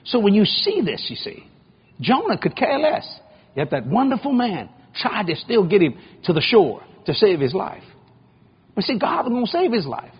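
A man's voice: sits high, breathy edge, muffled recording. An older man preaching a sermon in a folksy, dramatic storytelling way.

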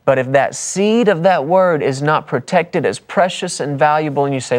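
A man's voice: mid-range voice, animated, normal speed. A man preaching a sermon on a broadcast, telling a story and then building to emphatic points. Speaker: pastor.

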